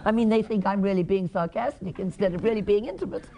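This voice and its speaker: Against a noisy background, an English woman with a medium-pitched voice moves quickly through a conference lecture. She questions the audience and dramatizes short examples.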